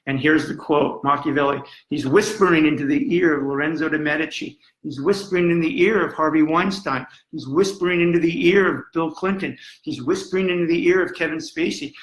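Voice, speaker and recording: A man's voice: fairly high pitch, gravelly, fairly bright tone. A man giving an impassioned live lecture, dramatic and emphatic, repeating phrases for effect. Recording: roomy echo.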